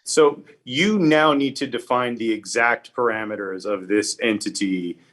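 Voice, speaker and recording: A man of middling pitch hosts a casual festival Q&A stream. He jokes constantly and swears freely as he keeps the conversation moving. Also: measured pace, a bit bright. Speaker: festival host. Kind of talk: casual live-stream chat.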